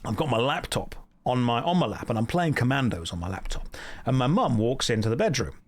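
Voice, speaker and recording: Streaming a game, a thirtysomething man jokes around with his chat, reacting to them and spinning self-deprecating stories. He speaks briskly in a sing-song, medium-pitched voice.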